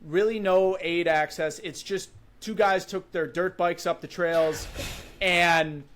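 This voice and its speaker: A man's voice: sits high, slow, a little hiss or hum. A man in his twenties from Wisconsin, a podcast guest vividly telling a story in a casual way, often using "like" and "you know". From Wisconsin, USA. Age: 20s. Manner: animated, vivid recounting with frequent "like" and "you know".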